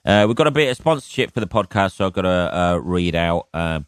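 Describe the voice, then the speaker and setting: A man hosting his own podcast alone, rambling through jokey asides and swearing constantly, with a hoarse voice. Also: low-pitched, expressive, brisk, no room sound. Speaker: podcast host. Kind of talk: casual solo podcast monologue.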